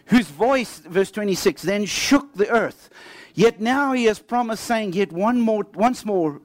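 A man preaching a sermon, telling stories with lively swings between animated bursts and low, quiet emphasis. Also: no room sound.

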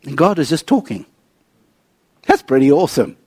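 Animated, high-voiced preacher telling stories. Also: male voice, normal speed, slightly rough, no room sound. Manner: animated storytelling with jokes, swinging from high to low. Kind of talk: sermon.

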